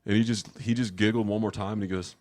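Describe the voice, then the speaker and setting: Man, very low voice, animated storyteller, casual and profane. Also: quick pace.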